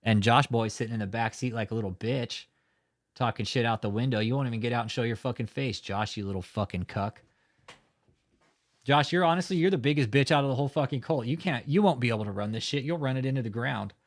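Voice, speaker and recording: A man's voice: medium pitch, fast. A man hosting a live stream, talking in a heated, profane rant and often swearing. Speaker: livestream host. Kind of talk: angry live-stream commentary.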